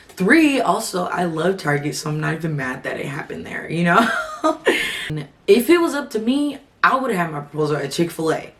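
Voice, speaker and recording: A woman in her twenties telling a personal story to camera, chatty and gushing. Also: deep voice. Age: 20s. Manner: chatty and gushing, with many fillers like "like" and "you know". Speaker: vlogger.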